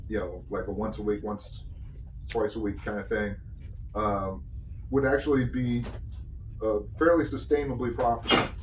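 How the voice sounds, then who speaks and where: A man's voice: on the low side, slight background noise. A man running a tabletop game as game master, rambling with many fillers. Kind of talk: narrating a tabletop game over a call. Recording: roomy, distant, dull mic with faint music.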